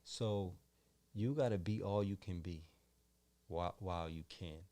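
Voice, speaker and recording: A man's voice: deep voice, measured pace, warm tone. A man in his forties from Boston, hosting a podcast and chatting casually with his son, rambling and saying "you know what I'm saying" again and again. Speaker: podcast host and father. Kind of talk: casual interview chat.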